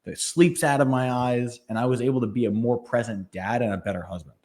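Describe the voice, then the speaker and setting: A man's voice: mid-range voice, a little fast, darkish tone. A man co-hosting a podcast, speaking in an emphatic, persuasive, motivational way. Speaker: podcast co-host. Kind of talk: casual podcast chat.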